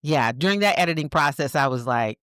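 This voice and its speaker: Lively Southern-accented woman podcast host. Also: sits low, brisk, no echo, studio quality. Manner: lively, laughing, loose and colloquial. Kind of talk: casual podcast chat.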